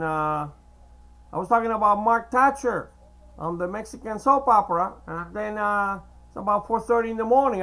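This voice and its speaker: A man whose first language is Spanish, talking in a hesitant, meandering monologue to camera with many filler pauses. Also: high voice, vocal fry, pushed and bright, rough recording. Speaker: video blogger. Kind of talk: casual rambling monologue to camera.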